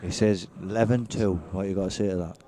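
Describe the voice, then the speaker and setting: Male British commentator, banter-heavy, laughs a lot, low and warm. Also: fairly even intonation, fast talker. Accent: British English. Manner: chatty, jokey, laughs often. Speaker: pool commentator. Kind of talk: live sports commentary, casual banter.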